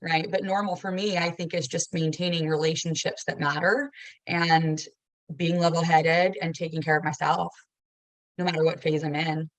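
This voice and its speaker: A woman's voice: deep voice, little pitch movement, dry recording, poor audio. A mother of a child with a rare disease sharing her experiences earnestly and reflectively in a support group. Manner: earnest, reflective, quick bursts of speech.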